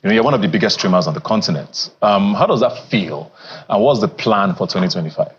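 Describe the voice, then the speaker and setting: Low-voiced male TV interviewer. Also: expressive, breathy edge, muffled recording. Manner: measured, probing questions. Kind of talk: interview questions.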